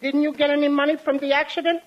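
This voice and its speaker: A man's voice: extremely high pitch, little pitch movement, fast talker, highs cut off. A man doing cheeky, wisecracking comedy in a 1940s radio show. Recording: very hissy 1940s radio broadcast.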